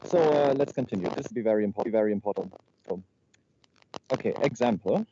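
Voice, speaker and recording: A man's voice: fairly low pitch, lively intonation, fast, gravelly. A man improvising a comedy slide presentation over a video call, stumbling and repeating his words as he goes. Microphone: video call microphone. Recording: muffled lo-fi call audio with faint noise.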